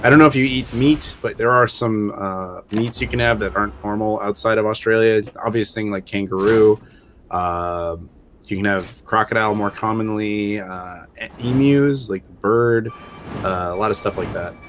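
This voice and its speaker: A show regular with a fairly low voice chats casually during a game stream, speaking at a normal speed. He's a relaxed storyteller who rambles and uses lots of fillers. There's slight background noise.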